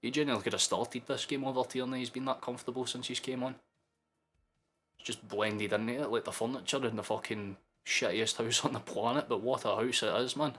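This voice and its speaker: A Scottish man in his twenties giving sweary, excitable live commentary while hosting a football watchalong stream. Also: mid-range voice, fairly quick, faint music behind. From Scotland. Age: 20s. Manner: excitable, sweary, shouting at big moments.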